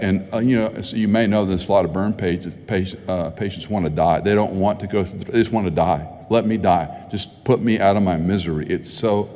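Middle-aged pastor preaching in a reverberant hall. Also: male voice, low-pitched, darkish tone. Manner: conversational storytelling, rising to emphatic. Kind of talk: sermon.

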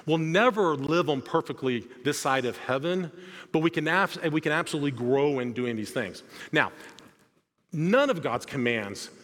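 A man's voice: a little high, animated, normal speed, a bit bright. Man preaching in a reverberant sanctuary. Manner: conversational, self-deprecating storytelling with frequent restarts. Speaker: guest preacher. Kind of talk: sermon. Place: large church sanctuary. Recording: long hall reverb.

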